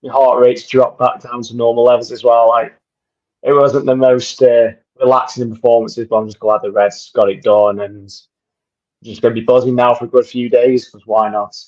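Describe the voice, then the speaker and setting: A man talking football on a livestream in a fairly flat, even voice at a medium pitch. He speaks fluently and with enthusiasm about the game. His voice comes through a dull, lo-fi microphone. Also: normal speed. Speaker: livestream co-host. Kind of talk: casual football podcast chat. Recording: dull lo-fi mic.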